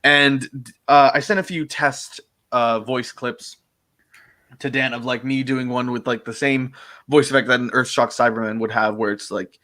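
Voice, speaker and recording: A male voice actor talks through his roles in a relaxed interview. His speech wanders, packed with fillers, restarts and frequent laughter. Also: medium pitch, moderate pace. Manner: rambling, full of fillers and restarts, laughs often. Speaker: voice actor guest. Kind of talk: casual interview chat.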